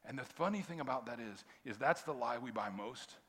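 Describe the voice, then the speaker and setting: A middle-aged man, a pastor giving a conversational sermon that swings between hushed quiet and loud emphasis. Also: medium pitch, animated, a little fast, gravelly, husky. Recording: long reverb of a large hall.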